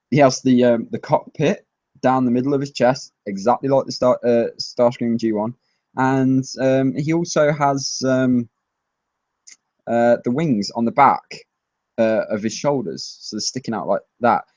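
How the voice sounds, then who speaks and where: A young man casually answering viewer questions on a live stream, rambling with excitable fan chatter. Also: mid-range voice, no room sound. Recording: dry, slightly dull lo-fi mic.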